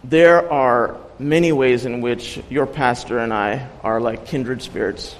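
A man's voice: mid-range voice, takes it slowly, in a large hall, low-quality recording. A man giving an earnest sermon as a guest preacher, telling personal stories with light humor.

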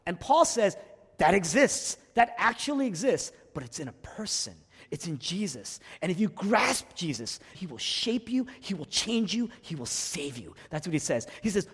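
Male pastor, slightly high voice, very lively delivery, preaching in a church with long hall reverb. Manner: impassioned preaching, surging from hushed lows to soaring emphatic peaks. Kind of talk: sermon.

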